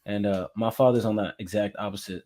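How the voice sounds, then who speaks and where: A music artist from Florida, interviewed as a guest, recounts his own story in a reflective, measured and candid way. His voice is fairly low and mellow, with fairly even intonation.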